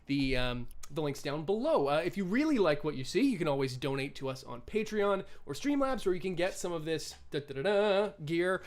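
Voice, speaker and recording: A man's voice: a little high, big pitch swings, fairly quick, hardly any pauses. A man hosting a tabletop game livestream, chatty with many fillers, speaking over a video call. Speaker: game master and host. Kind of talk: livestream host announcements.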